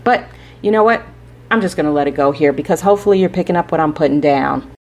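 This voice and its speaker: A woman's voice: low voice, fast, darkish tone. A woman hosting a spiritual podcast, giving rambling, preachy advice straight to her listeners and often checking in with "right?". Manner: rambling, preachy, direct address with frequent "right?". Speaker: podcast host.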